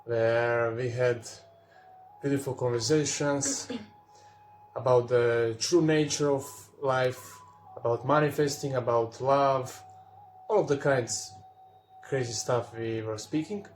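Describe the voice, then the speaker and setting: Man, spiritual teacher, slow searching talk, roomy echo, faint music. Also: medium pitch. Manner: slow, searching, with pauses and restarts. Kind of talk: calm spiritual talk to viewers.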